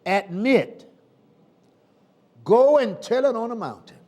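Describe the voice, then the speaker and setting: High, lively Southern preacher man. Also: slow pace. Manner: call-and-response preaching with sudden loud and soft swings. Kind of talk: sermon.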